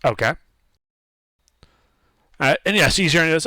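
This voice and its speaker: Animated game master, bright and dry. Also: male voice, mid-range voice, a little fast, no echo. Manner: runs the scene in a relaxed, conversational way. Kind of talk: narrating a tabletop game.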